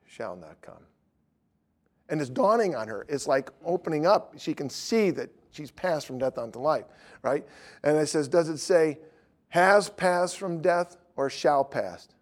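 A middle-aged man, an evangelist, preaching through lively anecdotes and acting out the dialogue. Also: a little high, normal speed. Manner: lively storytelling, acts out dialogue.

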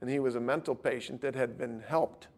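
A male preacher delivering a sermon, telling stories in an animated, emphatic way. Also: mid-range voice, fairly quick, creaky. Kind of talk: sermon with storytelling.

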